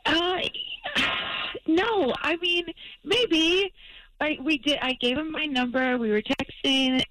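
A woman on a radio call, speaking very slowly in a slightly high voice, recorded dry. She giggles and hesitates, trailing off mid-sentence. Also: a bit bright, no room sound, low-quality recording. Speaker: caller on a radio show. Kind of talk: phone call on air.

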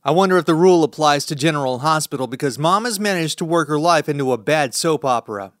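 A man reading a first-person thriller as an audiobook narrator, in a measured, tense storytelling manner. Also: on the high side, expressive, no echo, clean studio sound.

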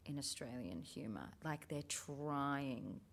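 A woman's voice: very deep voice, expressive, takes it slowly, vocal fry, slight background noise. A woman, a theatre writer, talking frankly and thoughtfully in casual chat, with some swearing.

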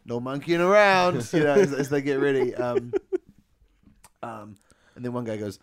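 Gravelly, giggly man riffing on a movie. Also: medium pitch, normal speed, crowd noise. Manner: playful, giggly, hammy villain voices. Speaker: podcast co-host. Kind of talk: comedic movie recap with improvised character voices.

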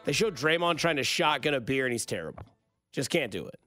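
A man's voice: medium pitch, lively intonation, fairly quick, sharp tone, faint music behind. A man hosting a casual late-night sports radio show from a studio, talking in a rambling, conversational way and correcting himself as he goes.

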